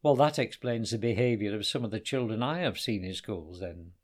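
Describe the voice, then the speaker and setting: A man voicing a calm, brave male ninja who speaks in a firm, measured way. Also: on the low side, close to an everyday voice.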